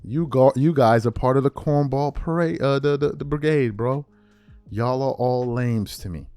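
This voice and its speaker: A man's voice: mid-range voice, normal speed, mellow, clean tone, no echo, faint music behind. A man hosting a sports commentary channel, delivering an emphatic, repetitive opinion rant straight at his viewers.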